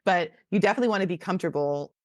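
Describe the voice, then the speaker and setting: A woman in her forties with a low voice tells stories on a podcast, acting out each quote with animated energy. The sound is dry and close to the mic. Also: racing, no echo. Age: 40s. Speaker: podcast co-host. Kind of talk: casual storytelling chat.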